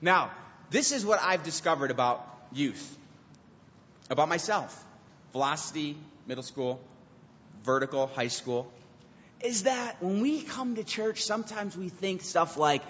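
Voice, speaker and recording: Man, youth pastor, animated sermon, long hall reverb, muffled recording. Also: on the high side, unhurried, a little hiss or hum. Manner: animated, acts out quoted teens and God. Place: church hall.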